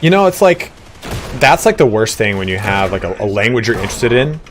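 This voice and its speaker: Laid-back low-voiced man chatting on a stream. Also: sing-song, a little fast, slight background noise. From Southern California. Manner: laid-back, rambling, many fillers. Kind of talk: casual gaming stream chat.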